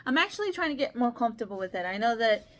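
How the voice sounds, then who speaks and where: Talking very fast with big pitch swings, a woman with a slightly high voice presents board games to camera in a casual vlog. Her rambling, earnest chatter is full of laughs, restarts, small stutters, and a lisp.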